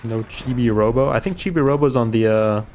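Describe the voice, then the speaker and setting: A man's voice: medium pitch, brisk, a little mellow, slight background noise. A man streaming a video game, chatting with his viewers and teasing enemies in a dry, joking way. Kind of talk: casual gameplay commentary. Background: game music.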